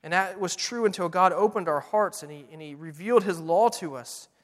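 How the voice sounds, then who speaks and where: A middle-aged man preaching a sermon in a church, earnest and emphatic, slowing down to read scripture. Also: high-pitched, a bit bright. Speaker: pastor. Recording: long hall reverb.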